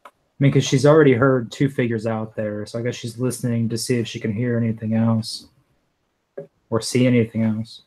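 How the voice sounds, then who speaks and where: A man's voice: medium pitch, little pitch movement, brisk, darkish tone, poor audio. A man playing a tabletop role-playing game, thinking aloud hesitantly. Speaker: player. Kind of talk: casual chat.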